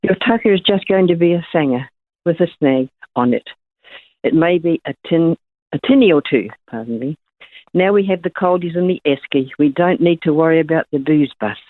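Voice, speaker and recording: A woman's voice: low voice, moderate pace, no room sound. A woman calls in to a radio show and reads her own poem with a chatty manner. Her voice comes through a thin, tinny phone line. The sound is dry. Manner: chatty, reads with small laughs. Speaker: caller.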